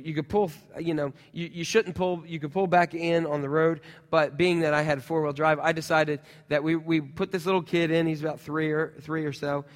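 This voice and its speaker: A middle-aged man preaching a sermon as pastor, telling personal stories in a lively way with sound effects. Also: fairly high pitch, big-room sound.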